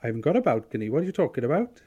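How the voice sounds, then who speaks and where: A man's voice: mid-range voice, big pitch swings, rapid-fire, lo-fi sound, noisy background, voice pushed up, lightly acted. A man doing an impression of his cheerful older dad, a smoker, in a chirpy sing-song voice. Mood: grumbling.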